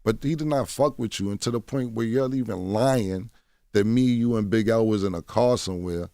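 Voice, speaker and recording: Gravelly-voiced New man, blunt. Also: on the low side, moderate pace, dark tone, no echo, studio quality. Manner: blunt, profane, repeats "you know what I'm saying". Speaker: guest. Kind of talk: candid interview storytelling. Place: radio studio. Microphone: studio mic.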